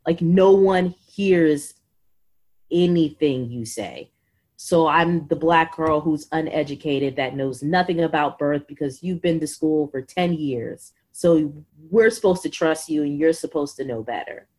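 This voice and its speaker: A woman in her thirties, a podcast guest telling her own story in an animated, exasperated way. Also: low-pitched, unhurried. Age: 30s. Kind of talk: conversational storytelling.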